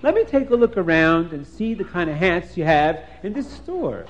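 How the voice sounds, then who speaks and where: A rambling, excitable poet who chatters on eagerly, as a man puts him on. His voice sits high for a man. It comes through a dull, lo-fi recording. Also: moderate pace. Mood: chatty. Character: cheerful talkative poet man, husband.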